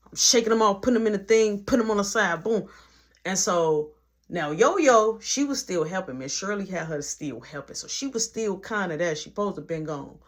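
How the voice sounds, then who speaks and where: Animated woman telling a work story. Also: normal speed. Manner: animated, punctuated with "boom", acts out every voice. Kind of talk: casual storytime.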